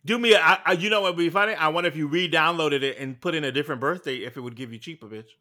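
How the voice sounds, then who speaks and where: A man dishes in casual podcast chat with a sassy, animated delivery. His voice is bright and forceful and sits a little high. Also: rapid-fire. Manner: sassy and animated, calling people heifers. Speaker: podcast co-host.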